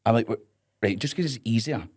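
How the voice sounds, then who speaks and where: A man's voice: medium pitch, expressive, fairly quick, darkish tone. A Scottish man holding forth on a chat podcast in an ordinary mid-range voice. He rants with comic exasperation and swears freely, keeping it loose and conversational. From Scotland. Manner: ranting, profane, comic exasperation. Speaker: podcast guest, wrestler. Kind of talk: casual chat.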